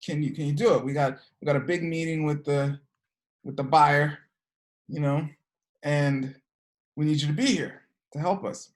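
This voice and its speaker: A woman's voice: sits low, normal speed, darkish tone, pitched below the performer's own voice, lightly acted. A woman voicing a boss urgently asking an employee to come in early. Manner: urgent, stammering. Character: pushy boss calling an employee in.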